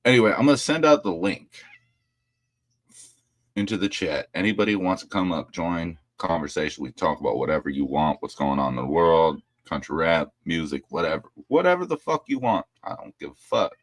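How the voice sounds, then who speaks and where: A man hosts a casual livestream from home, ranting bluntly and cursing freely. His voice sits low but leaps up and down with a lot of swing. The sound is dry and close, with no room echo. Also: expressive, normal speed. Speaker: livestream host.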